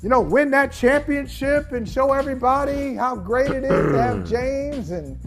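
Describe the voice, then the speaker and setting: A man's voice: very high voice, animated, normal speed, soft background music. A man on a sports debate panel, teasing and mocking a co-host with laughs.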